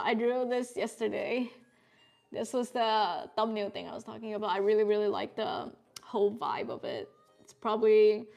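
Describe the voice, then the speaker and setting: A young woman with a slightly high voice chats loosely with her viewers as she sketches. She is relaxed and quick to laugh, and swears freely. Soft music plays faintly in the background of her home setup. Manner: laid-back, chatty, swears and laughs often. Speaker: artist streamer. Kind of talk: casual live-stream chat while drawing.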